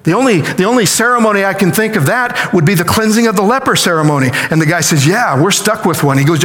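A man preaching a sermon as a story, acting out the quoted lines with lively energy. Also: high-pitched, quick pace, hardly any pauses, big-room sound. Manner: animated retelling with acted-out quotes. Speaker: pastor.

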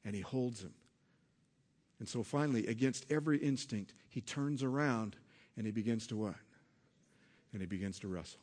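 A pastor delivers a sermon, putting questions to his congregation and shifting between quiet, low stretches and loud, forceful ones. He speaks at a moderate pace with long pauses.

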